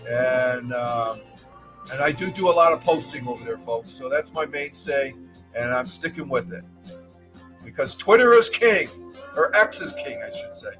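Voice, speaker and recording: A man's voice: medium pitch, moderate pace, a bit bright, soft background music. A man hosting a casual morning live stream, thanking viewers by name in a rambling way with many ums and uhs.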